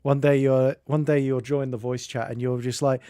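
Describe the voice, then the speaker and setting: A man's voice: mid-range voice, level tone, moderate pace, mellow, dry recording, studio quality. A man from Northamptonshire with an English accent, streaming and chatting casually with a rambling, self-interrupting manner. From Northamptonshire, England. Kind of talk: casual chat.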